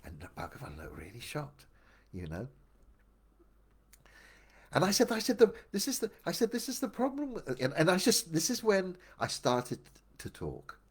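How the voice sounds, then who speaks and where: A man's voice: on the high side, huge pitch swings, moderate pace, pauses often, husky. An older man telling his own life story in a casual, meandering and reflective way, often restarting his sentences. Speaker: memoir storyteller. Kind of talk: casual first-person storytelling.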